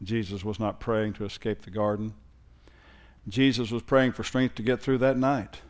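A man's voice: fairly low pitch, flat delivery, moderate pace. A male pastor preaching to a congregation, conversational at first and building in force. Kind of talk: sermon.

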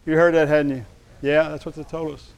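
A male pastor delivering a sermon in a clear, ringing voice. He speaks emphatically and keeps drawing the congregation in with calls to respond. His voice sits a little higher than most men's. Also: level tone, brisk.

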